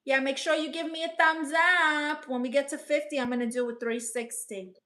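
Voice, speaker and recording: Sassy woman with a slightly high voice. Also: fairly even intonation, normal speed, pushed and bright. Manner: blunt, teasing, playfully sassy. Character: brash advice-giving aunt persona. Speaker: comedian hosting a live stream. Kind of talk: casual live-stream chat, reading viewer comments.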